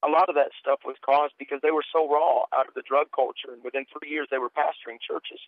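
Middle-aged preacher on a tinny phone line. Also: male voice, a little high, fairly even intonation, fast, no echo. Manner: earnest, repeats words when starting sentences. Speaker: guest preacher. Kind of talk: personal testimony storytelling.

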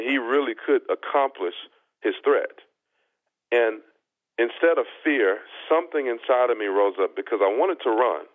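A man with a lowish voice tells a testimony in an earnest preaching manner. The sound is thin and phone-like, as if it came down a narrow band. He is a guest on a Christian talk show. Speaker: guest minister.

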